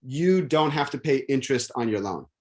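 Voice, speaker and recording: A man in casual conversation, rambling and animated, with many restarts and fillers. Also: medium pitch, moderate pace.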